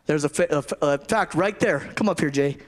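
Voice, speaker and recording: A preacher with a somewhat high voice talks fairly quickly through a conversational sermon, often repeating lines and beginning phrases over again.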